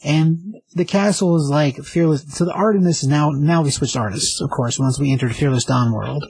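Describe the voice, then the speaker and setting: Husky man rambling through a comic recap. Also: on the high side, normal speed, darkish tone, poor audio. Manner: rambling, enthusiastic summary with fillers. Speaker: comic book reviewer. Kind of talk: casual review chat.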